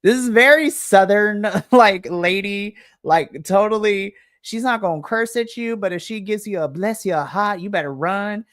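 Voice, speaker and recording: A woman's voice: medium pitch, moderate pace, few pauses, no room sound, clean studio sound. A woman game master narrating a tabletop role-playing game, chatty and full of laughs. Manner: chatty, laughs often, uses like a lot.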